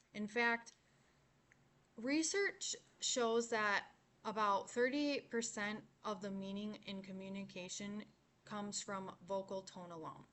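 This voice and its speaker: A young woman giving a class presentation, explaining points in a measured way and slowing on key words. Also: medium pitch, a bit bright. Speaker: student presenter.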